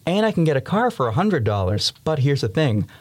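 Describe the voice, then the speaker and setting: Lively young man telling storm stories. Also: medium pitch, a little fast. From Massachusetts, USA. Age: 20s. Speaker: podcast guest, student storm chaser. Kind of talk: storytelling in an interview.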